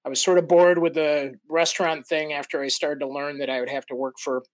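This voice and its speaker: An older man from the American Midwest, a podcast guest telling stories in a casual, animated way, laughing as he acts out quotes. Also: a little high, a little fast, no room sound. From Midwestern United States. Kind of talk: casual storytelling.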